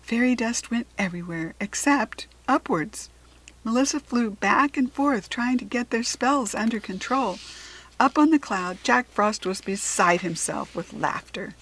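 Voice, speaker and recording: An American woman reading a children's storybook aloud in a gentle, expressive way. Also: fairly high pitch, measured pace, low-quality recording. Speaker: children's book reader.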